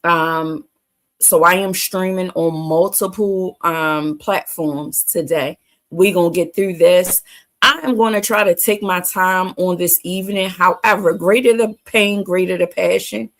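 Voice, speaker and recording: Emphatic woman hosting a slow motivational stream. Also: on the low side, fairly even intonation, a bit bright. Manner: emphatic, repeats catchphrases and calls to the chat. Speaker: livestream host. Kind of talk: motivational livestream talk.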